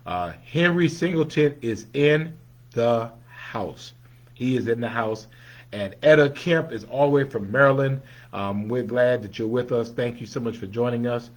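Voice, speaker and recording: A man hosting a casual livestream, greeting viewers one by one in a friendly way and dropping into low, mumbled asides between names. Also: unhurried. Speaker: livestream host.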